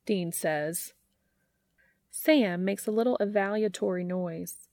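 Low, gravelly woman narrator with wry comic timing, dry close recording. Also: slow pace, a little mellow, no echo. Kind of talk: fan fiction reading.

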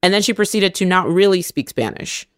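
A woman co-hosting a casual podcast, an improviser who talks in a candid, analytical, measured way on a studio mic. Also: lowish voice, expressive, dry recording.

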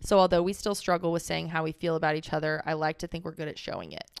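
A woman's voice: sits low, little pitch movement, fast, gravelly, clear, resonant tone, dry recording. A young adult woman co-hosting a podcast in casual chat, reading listener stories aloud expressively, swearing freely and laughing often. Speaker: podcast co-host.

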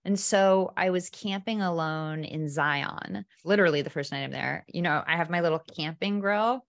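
A woman with a slightly low voice tells a personal story as an interview guest. She is animated and vivid, slipping into lively quoted asides as she goes. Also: moderate pace, vocal fry.

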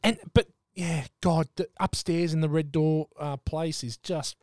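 A man leading a film podcast, lively and blunt, with jokes and swearing. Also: a little high, a little slow, no room sound, studio quality. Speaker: podcast host leading segments. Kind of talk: casual chat.

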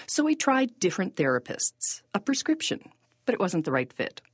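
A woman narrating a podcast in a scripted, measured and reflective style. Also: mid-range voice, very animated, husky, no room sound, studio quality.

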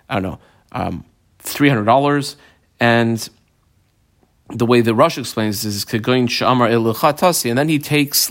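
Man teaching Talmud step by step. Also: mid-range voice. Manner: explains step by step, mixes Aramaic terms with English. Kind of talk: daf yomi lecture.

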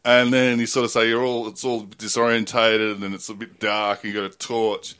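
A man in casual chat, telling relaxed childhood anecdotes and laughing along. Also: fairly low pitch, normal speed, clean tone. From Australia.

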